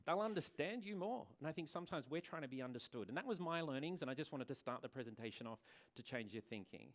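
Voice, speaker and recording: A man's voice: fairly high pitch, expressive, fast talker. A man who owns a hair salon, giving an earnest talk to a conference audience and often repeating words as he restarts. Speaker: salon owner and presenter. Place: conference venue.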